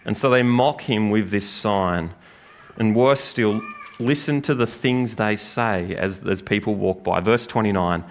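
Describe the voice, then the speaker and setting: A man preaching a sermon in a church, lively and joking with the congregation. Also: lowish voice, moderate pace. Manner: lively, animated preaching with jokes. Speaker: pastor. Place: church gathering room.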